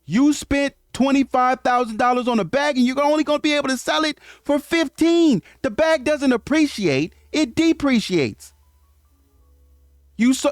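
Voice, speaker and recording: A man's voice: high-pitched, no echo, clean studio sound. A man giving an opinionated commentary monologue on relationships, lecturing emphatically and often stammering through restarts.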